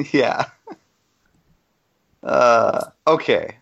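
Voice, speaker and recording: A man's voice: mid-range voice, vocal fry, a bit bright, lo-fi sound. A man co-hosting a casual podcast, reading comic dialogue aloud and mocking it with laughter. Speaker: podcast co-host. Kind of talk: casual chat.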